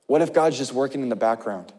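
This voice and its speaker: A male pastor preaching an impassioned sermon, swinging between loud urgent passages and hushed ones. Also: mid-range voice, lively intonation, quick pace, long reverb tail.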